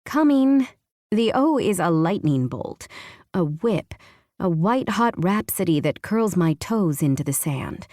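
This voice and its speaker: A woman narrating a first-person romance audiobook with a hushed, intimate delivery. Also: lowish voice, expressive, unhurried, no room sound, clean studio sound.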